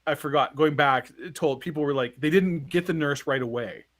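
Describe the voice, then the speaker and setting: A man's voice: fairly high pitch, fairly quick, no room sound. A man in his forties, a podcast co-host, telling a long personal story in casual chat and acting out the voices of the people in it. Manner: animated, acts out quoted voices, swears.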